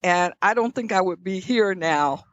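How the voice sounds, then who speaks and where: Older Southern-raised woman guest, reflective and measured, dry dull lo-fi audio. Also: fairly low pitch, expressive, dry recording. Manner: reflective, measured, frequent restarts. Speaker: guest, leadership scholar. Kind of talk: conversational interview storytelling.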